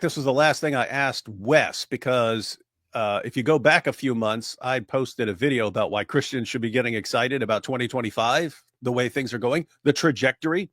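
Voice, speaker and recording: A man's voice: mid-range voice, a bit bright, no room sound, studio quality. A man chatting casually on a livestream, telling rambling anecdotes with lots of filler words. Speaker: co-host.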